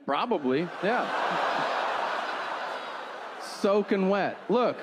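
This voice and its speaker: Brief: male stand-up comic, lively swooping pitch, acts out both sides of his stories, live room noise behind him. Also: a little slow. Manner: incredulous storytelling, acting out both sides of a dialogue. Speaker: stand-up comedian. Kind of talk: stand-up comedy set. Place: live comedy venue with audience. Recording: live show with audience noise.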